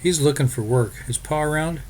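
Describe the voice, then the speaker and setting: A man's voice: a little high, a little fast, a little mellow, slight background noise, pitched above the performer's own voice, lightly acted. A man voicing a friendly young frontier farmer's son who speaks in a plain, folksy way.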